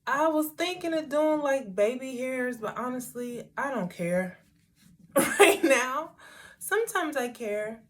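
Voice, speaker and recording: A woman's voice: high-pitched, lively intonation, unhurried, hardly any pauses. A middle-aged woman talking casually through a hair tutorial, rambling with wry asides to herself. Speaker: hair vlogger.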